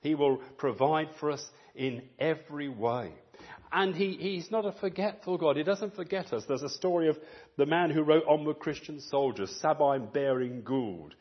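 A man preaching a sermon, telling stories with animated, acted-out quotes. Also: fairly high pitch, normal speed, husky, muffled recording. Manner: animated storytelling, acts out quoted voices.

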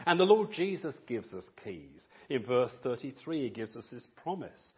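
A man preaching a sermon, telling stories with animated, acted-out quotes. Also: on the high side, moderate pace, hardly any pauses, husky, dull audio. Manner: animated storytelling, acts out quoted voices.

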